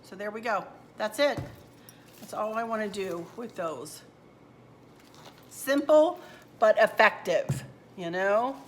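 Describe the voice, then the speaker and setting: A woman's voice: medium pitch, measured pace, a bit bright. A middle-aged woman, chatting casually to viewers at home while she shows her fall decorating and crafts. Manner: chatty, homey, addresses viewers as y'all. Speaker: home decor channel host. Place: at home, indoors.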